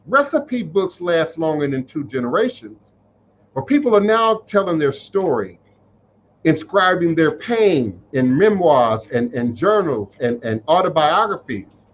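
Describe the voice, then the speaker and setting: A man speaks to his live-stream viewers in a raised, fairly high voice, preachy and openly emotional. He repeats lines for weight as he answers their comments. The sound is dull and lo-fi, with a faint hiss underneath. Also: very animated, measured pace. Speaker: spiritual teacher hosting a live stream. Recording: muffled livestream audio.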